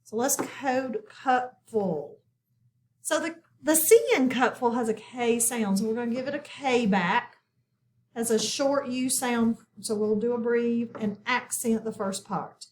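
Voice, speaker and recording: Slowly and patiently, a woman with a slightly high voice and darkish tone teaches a phonics lesson. She sounds out words, repeats them slowly, and encourages her class by asking questions.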